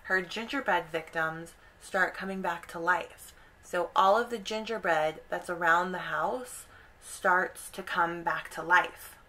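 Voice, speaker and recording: A woman's voice: fairly low pitch, measured pace, bright, forceful tone, rough recording. A woman YouTuber casually retelling an opera's story, chatty with lots of "like" and "kind of".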